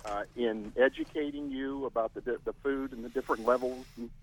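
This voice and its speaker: A man's voice: medium pitch, fairly even intonation, fairly quick, poor audio. A middle-aged man calling in to a radio show, speaking hesitantly with many restarts and fillers. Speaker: caller. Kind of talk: call-in radio chat.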